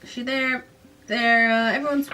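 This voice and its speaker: A woman's voice: fairly high pitch, steady tone, a little slow, pushed and bright, slight background noise. A young woman casually recapping a novel, reading short passages aloud and breaking off into sarcastic asides. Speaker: book reviewer.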